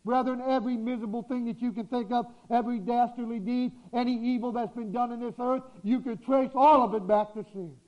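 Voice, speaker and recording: A male preacher with a notably high voice delivers a sermon, pressing his points through repetition and slowed, weighty phrasing. The recording is dull and lo-fi. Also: fairly even intonation. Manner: exhorting, repetitive, slows for emphasis.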